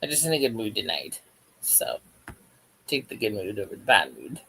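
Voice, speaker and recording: A man's voice: fairly low pitch, wildly swooping pitch, moderate pace, vocal fry, bright, forceful tone, a little hiss or hum, low-quality recording. A man hosting a crochet livestream, chatting casually and jokily while reading the live chat aloud as he works.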